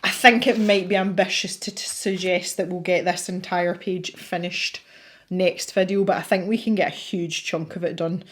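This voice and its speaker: A woman's voice: lowish voice, fairly even intonation, normal speed, fairly bright tone. A Scottish woman hosting a colouring channel, chatting casually and rambling with lots of fillers as she works. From Scotland. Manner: chatty and rambling, frequent fillers and self-talk. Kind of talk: casual chat while colouring.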